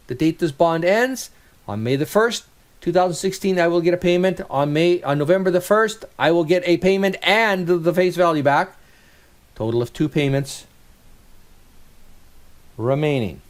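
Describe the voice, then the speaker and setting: A man in middle age delivering a recorded lecture, his pitch leaping up and down as he works through the steps. He sits a little higher than most men and keeps a chatty, thinking-aloud tone, often pausing to check that students are following. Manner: animated, conversational, thinks aloud with rhetorical checks. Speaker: instructor.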